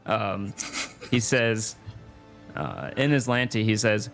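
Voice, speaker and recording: A man's voice: fairly low pitch, animated, takes it slowly, creaky, a bit bright, soft background music. Man, game master, tabletop game, hesitant, laughs a lot. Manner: hesitant, laughing, full of fillers.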